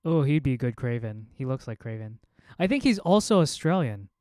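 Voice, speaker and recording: Young male streamer, chatty and rambling reaction banter, smooth voice, dead-dry close mic. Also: mid-range voice, big pitch swings, fairly quick, darkish tone, dry recording. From America. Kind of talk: casual live reaction chat.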